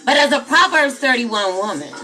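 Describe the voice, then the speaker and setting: A woman's voice: a little high, animated, normal speed, sharp tone, faint music behind. A woman hosting a casual late-night livestream, chatty and talking straight to her viewers as y'all. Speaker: livestream host.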